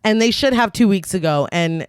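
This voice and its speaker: A woman's voice: medium pitch, expressive, normal speed, clear, resonant tone, no room sound. Sarcastic woman recapping a plot. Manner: dry, sarcastic asides between plot beats, laughs often. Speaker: podcast co-host recapping the film. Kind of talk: casual chat, narrating a plot recap.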